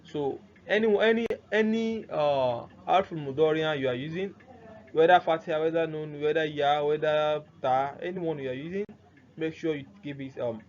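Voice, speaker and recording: A man's voice: fairly high pitch, a little mellow. A man teaching grammar, who keeps posing "what?" questions and answering them himself, repeating the key terms. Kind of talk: explanatory lesson. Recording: dull lo-fi recording with faint noise.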